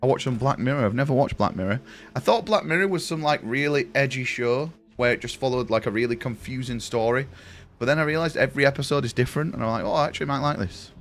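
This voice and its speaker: A man's voice: mid-range voice, quick pace. A young British man chatting casually with his live-stream viewers, swearing freely and calling them mate. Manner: chatty, sweary, addresses chat as boys and mate.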